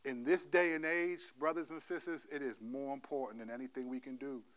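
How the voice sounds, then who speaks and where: A male pastor preaching a sermon, telling stories animatedly, playing out God's voice in slangy asides and then dropping into a quieter, gentle exhortation. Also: mid-range voice, fairly even intonation, brisk. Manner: drops to a soft, quiet delivery for the exhortation.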